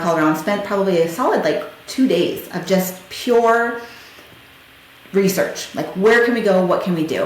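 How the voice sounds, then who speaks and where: A woman's voice: on the low side, slight background noise. A woman hosting a podcast, retelling a hard personal story in a conversational, emotional way, recounting past conversations with many fillers. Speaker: podcast host. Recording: very echoey room.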